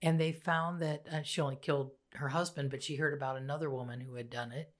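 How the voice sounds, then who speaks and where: A woman's voice: deep voice, fairly even intonation, fast talker. A middle-aged woman, mother of a co-host, chatting in a rambling way about true crime on a podcast. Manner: chatty, rambling, trails off mid-sentence. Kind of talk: casual true-crime chat.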